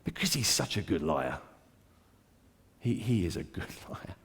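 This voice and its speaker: Animated preaching man, hushed to emphatic. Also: low voice, measured pace, breathy edge. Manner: dramatic, swings from hushed to emphatic. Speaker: pastor. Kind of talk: sermon. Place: church.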